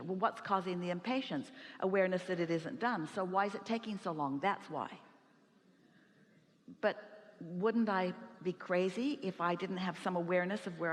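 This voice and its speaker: A woman giving an inspirational talk to a seminar audience, speaking as a collective "we" in an emphatic, rhetorical way. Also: lowish voice. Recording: hall reverb, live event.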